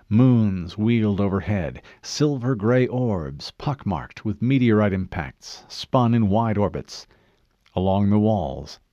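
A man narrating an audiobook in an expressive storytelling manner. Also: on the low side, dry recording, lo-fi sound.

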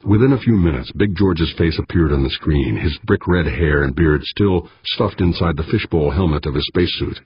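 A man with a raspy voice reading a story aloud in a measured way. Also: extremely low pitch, animated, lo-fi sound. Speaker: audiobook narrator. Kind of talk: scripted narration.

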